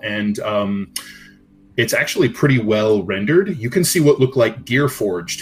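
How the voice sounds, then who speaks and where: A man narrating a tabletop game as game master, unhurried and searching for words with many fillers. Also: on the low side.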